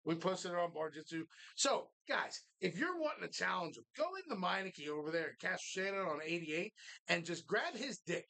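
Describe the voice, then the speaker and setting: A man's voice: high voice, animated, fairly quick, gravelly, bright, forceful tone. A male podcast host, rambling through crude, profane banter. He tells stories loosely and jokes his way through sponsor plugs.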